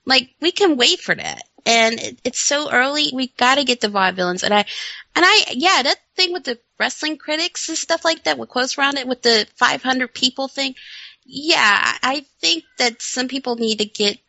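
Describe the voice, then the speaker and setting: Bright-voiced woman co-hosting casually. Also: high voice, animated, normal speed, gravelly, no room sound. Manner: enthusiastic, blunt, laughs often. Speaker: returning co-host. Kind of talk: casual wrestling podcast chat. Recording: dull lo-fi sound.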